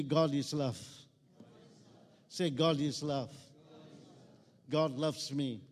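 A man's voice: fairly high pitch, a little mellow. A man preaching a sermon, emphatic, with call-and-response lines asking the congregation to repeat after him. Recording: long reverb of a large hall.

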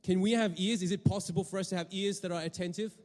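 High-voiced preacher man in a reverberant hall. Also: steady tone, fast talker, a little mellow. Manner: questioning the congregation, repeating words. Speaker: pastor. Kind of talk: sermon.

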